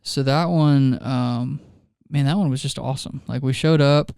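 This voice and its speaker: Man, youth ministry co-host, casual podcast chat, smooth clear voice, dry close mic, laughs through his stories. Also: mid-range voice, fairly even intonation, moderate pace, a little mellow, no room sound. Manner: chatty storyteller, laughs often mid-sentence.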